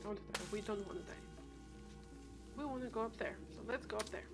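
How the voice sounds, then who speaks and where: A woman's voice: a little high, a little fast, gravelly, loud music behind the voice. Rambling woman streamer chatting while playing. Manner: rambling, chatty, thinks aloud with many restarts. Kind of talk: casual gameplay chat. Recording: steady background noise.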